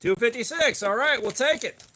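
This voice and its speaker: A man with a high, bright voice hosts a casual live stream. He greets viewers one after another by name and rambles loosely from topic to topic. His tone is forceful and upbeat. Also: expressive, normal speed. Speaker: livestream host.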